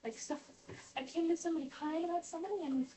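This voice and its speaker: A woman with a high voice rambles through a personal story, stopping and restarting her sentences and leaning on fillers. She talks while washing dishes in a home kitchen. The mic sits a good way from her, so she sounds distant. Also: steady tone, quick pace, dark tone. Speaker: vlogger.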